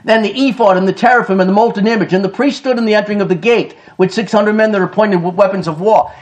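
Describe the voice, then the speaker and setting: A man's voice: high voice, fast. A man preaching a sermon. He reads old-style scripture aloud with emphasis and addresses his listeners as folks.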